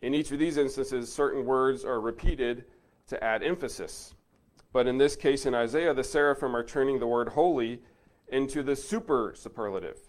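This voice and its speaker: Guy teaching a bible lesson, earnest, leans hard on key words then goes quiet and thoughtful. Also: mid-range voice, normal speed. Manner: earnest, emphatic on key words, drops soft for reflection.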